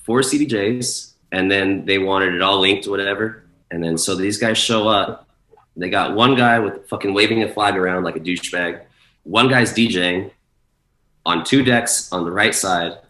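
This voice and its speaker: A man's voice: low-pitched, moderate pace, sharp tone, reverberant, rough recording. A man, a guest DJ, telling road stories in casual podcast chat, with swearing and acted-out quotes. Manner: storytelling with swearing, acts out quoted people.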